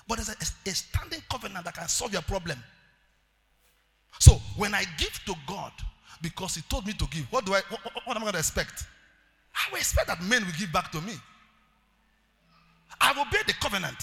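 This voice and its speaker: A male pastor preaching a sermon, calling out to the congregation and building up to loud shouted declarations. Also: sits high, long reverb tail. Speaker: pastor, evangelist.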